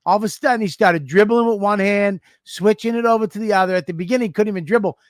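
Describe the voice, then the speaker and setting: A man with a Boston accent telling a lively story in casual podcast chat, laughing as he goes. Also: high voice, fast, no room sound, clean studio sound. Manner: animated, laughs while telling stories. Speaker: podcast co-host.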